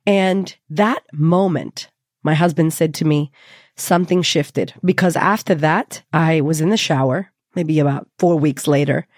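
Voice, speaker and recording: A woman hosting a podcast, telling a personal story in a candid, lively way and swearing freely. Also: sits low, measured pace, no echo, clean studio sound. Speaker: podcast host.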